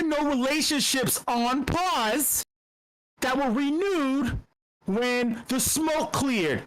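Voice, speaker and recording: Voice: high voice, extremely slow, low-quality recording. A speaker ranting heatedly and profanely at an online meetup, exasperated and emphatic, often restarting sentences. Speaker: meetup participant. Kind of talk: heated rant in an online group call.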